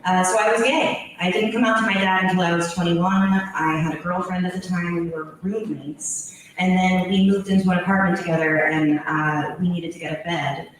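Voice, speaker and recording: A woman's voice: lowish voice, fairly even intonation, moderate pace, slight background noise. A young woman tells a raunchy personal story to a live crowd, laughing often. Her voice bounces around a very echoey room. It sounds distant from the microphone. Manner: candid, crude, laughing through her story. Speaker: storyteller guest. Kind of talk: live storytelling before an audience. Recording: echoey room, voice far from mic.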